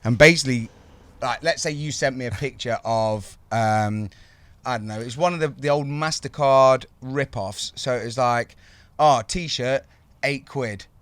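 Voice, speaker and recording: A man with a Birmingham accent, hosting a casual podcast chat and telling sweary, animated stories. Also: mid-range voice, moderate pace, few pauses, dry recording. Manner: sweary, storytelling with put-on voices. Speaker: podcast host.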